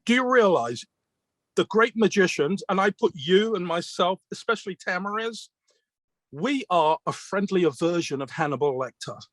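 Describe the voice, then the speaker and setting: A British man with a fairly high voice for a man speaks earnestly about his craft. He tells his stories as dialogue, quoting questions and answers. His voice is close and dry, with almost no room sound. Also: animated, moderate pace, a bit bright, dry recording. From Britain. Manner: retells mentors' advice as quoted dialogue, with questions and answers; earnest, reflective. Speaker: magician being interviewed. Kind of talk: conversational storytelling.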